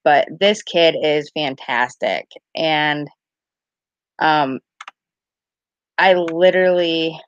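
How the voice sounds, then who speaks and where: Low-voiced chatty woman in her thirties. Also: extremely slow, pauses often, clear, resonant tone, no echo, muffled recording. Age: 30s. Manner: rambling, chatty, full of "like" and "I was like"; greets chat viewers warmly by name. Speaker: live-stream card reader. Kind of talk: casual live-stream chat. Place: home at night.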